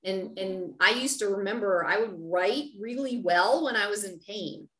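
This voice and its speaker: A woman podcast host with a bright, forceful tone leads an interview. She asks long, rambling questions and encourages her guest warmly. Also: medium pitch, moderate pace. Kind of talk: interview conversation.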